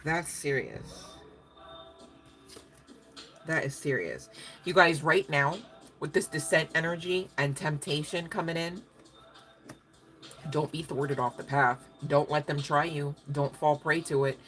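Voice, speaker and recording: A woman's voice: low voice, steady tone, a little slow, fairly bright tone, soft background music. A woman giving a casual livestream tarot reading, chatty and profane, laughing often. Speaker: tarot card reader.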